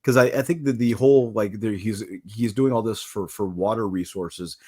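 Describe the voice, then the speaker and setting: Low-voiced man hosting a casual podcast. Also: moderate pace, husky. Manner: relaxed, rambling with frequent restarts. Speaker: podcast host. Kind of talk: casual chat.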